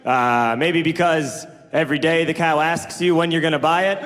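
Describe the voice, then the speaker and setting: A man's voice: fairly high pitch, steady tone, moderate pace, fairly bright tone. A male stand-up comedian with an incredulous, questioning observational delivery, on a club stage. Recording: reverberant live venue with noise.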